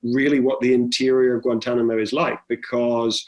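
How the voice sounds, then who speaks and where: A man's voice: medium pitch, level tone, brisk, darkish tone. A middle-aged man, a film director, telling stories in a chatty interview with many restarts. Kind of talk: conversational interview.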